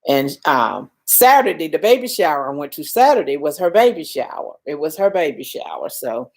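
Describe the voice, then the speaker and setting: An older woman hosting a casual live stream, talking emotionally, reassuring viewers and reading their comments aloud, shaken and trying to calm down. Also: low voice, moderate pace. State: shaken, calming down.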